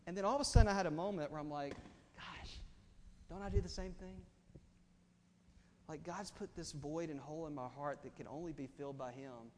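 A man in his thirties preaching a sermon to a congregation, impassioned, swinging from hushed to loud. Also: on the high side, fast talker, few pauses, slight background noise. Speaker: pastor. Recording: reverberant hall, faint ambience.

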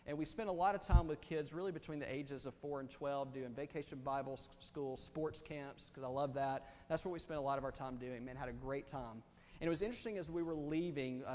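A man in his thirties preaching a sermon to a congregation, impassioned, swinging from hushed to loud. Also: medium pitch. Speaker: pastor. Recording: reverberant hall, faint ambience.

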